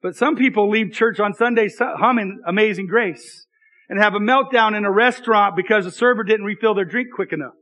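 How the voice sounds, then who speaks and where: High-voiced man preaching a sermon. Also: a little fast, bright, forceful tone, low-quality recording. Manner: conversational, joking asides to the congregation. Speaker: pastor. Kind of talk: sermon with scripture reading.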